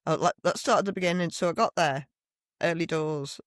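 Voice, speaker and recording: A middle-aged woman, co-hosting a podcast and telling stories in a blunt, animated way with plenty of swearing. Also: low voice, fairly quick, no room sound, studio quality. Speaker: podcast co-host. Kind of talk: casual chat. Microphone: desk microphone.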